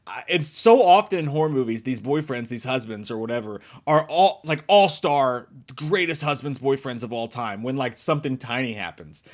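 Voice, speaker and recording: A man casually reviewing a horror movie, swearing freely and acting out lines in loud shrieking voices. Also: medium pitch, normal speed, few pauses. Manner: profane, animated, acts out quotes in big shrieking voices. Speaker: movie review podcast host. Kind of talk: casual spoiler review chat.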